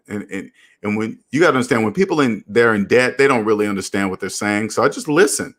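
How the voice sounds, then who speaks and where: A man's voice: lowish voice, fast. A man hosting a casual live stream, reading viewer comments and lecturing earnestly about debt. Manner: earnest, preachy, animated. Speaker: channel host.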